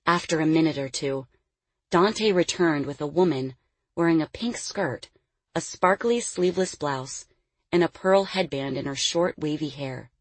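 A woman reads a novel aloud, her voice low in pitch with a husky grain. She narrates in a measured, expressive way. The recording is close and dry with no room sound. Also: no echo. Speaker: audiobook narrator. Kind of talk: scripted narration.

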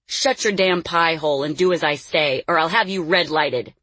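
A woman's voice: deep voice, lively intonation, moderate pace, no echo. A woman reading the part of a cruel man who keeps a girl caged, snarling and taunting his threats. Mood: menacing. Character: cruel, menacing adult male captor in charge. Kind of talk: audiobook character voice.

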